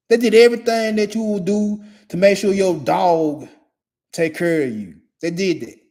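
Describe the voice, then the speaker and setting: A man's voice: a little high, warm tone. Blunt, profane man in his forties. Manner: blunt, repetitive, emphatic and heavy with profanity. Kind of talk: profane motivational monologue.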